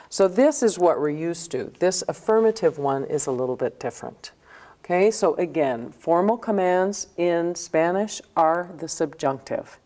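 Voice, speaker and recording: Low warm-voiced teacher lady, patient, explaining grammar step by step, keeps saying okay. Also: animated, a little slow. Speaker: Spanish teacher. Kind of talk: recorded grammar lesson.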